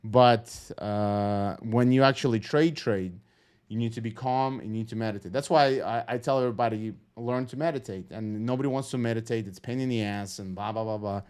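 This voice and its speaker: On a live trading stream, a man offers casual, rambling commentary, calm and low-key, swearing freely with lots of fillers and restarts. His voice is clear and resonant at normal speed.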